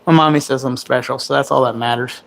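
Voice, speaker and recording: A man's voice: mid-range voice, steady tone, fast talker, gravelly, fairly bright tone. A man in his forties hosting a livestream. He rambles in casual chat and makes crude, self-mocking jokes. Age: 40s. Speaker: livestream host.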